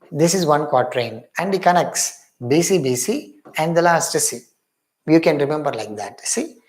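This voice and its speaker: A man's voice: on the high side, a little mellow. A man with an Indian English accent giving an exam-prep literature lecture, emphatic, repeating key points and calling viewers his friends.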